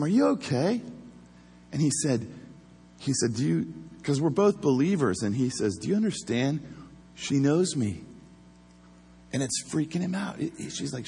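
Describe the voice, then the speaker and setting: A former police officer telling a story in a casual, animated way, acting out the voices he quotes. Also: on the high side, husky, in a large hall.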